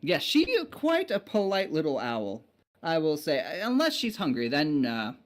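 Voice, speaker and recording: A man's voice: a little high, wildly swooping pitch, moderate pace. A man voicing a polite, slightly flustered male knight who keeps a pet owl.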